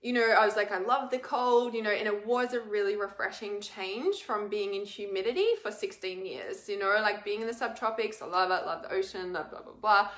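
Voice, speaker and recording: A woman's voice: mid-range voice, fairly quick, hardly any pauses, fairly bright tone. A woman talking casually to her viewers in a rambling, emotional way, full of fillers. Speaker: spiritual vlogger. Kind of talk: casual confessional talk to camera. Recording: echoey room.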